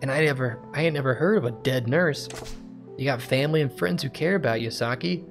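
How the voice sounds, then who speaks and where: A man's voice: mid-range voice, brisk, soft background music, lightly acted. A man reading aloud as a tough-talking male gangster club manager, with a drawling, streetwise delivery. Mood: gruff, protective. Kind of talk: reading game dialogue aloud.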